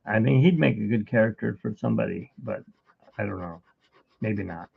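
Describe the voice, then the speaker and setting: A man's voice: lowish voice, normal speed, gravelly, breathy edge. A middle-aged man hosting a live drawing stream, chatting in a rambling, storytelling way, in tinny phone-like livestream audio. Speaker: art livestream host. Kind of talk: casual live drawing chat.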